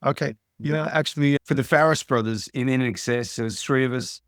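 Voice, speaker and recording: A man's voice: mid-range voice, brisk, a bit bright, no room sound, studio quality. An older Australian man, a musician guest, talking in a rambling, plain-spoken way in a casual interview.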